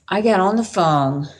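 Her voice is lowish and slightly rough as this woman in her fifties, a podcast guest, recounts her story candidly and casually. She laughs often and acts out people's words. The recording is low quality.

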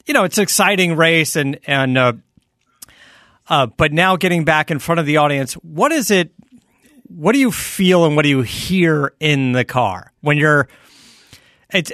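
A man's voice: a little high, expressive, moderate pace, a bit bright, no room sound, clean studio sound. A man co-hosting a casual interview podcast, asking rambling, loosely built questions and laughing easily. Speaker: podcast co-host.

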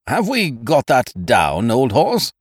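Guy doing buoyant chummy young schemer, lively up and down, dry sound. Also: medium pitch, takes it slowly, slightly rough, no room sound, pitched above the performer's own voice, full character voice. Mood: hearty. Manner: hearty and chummy.

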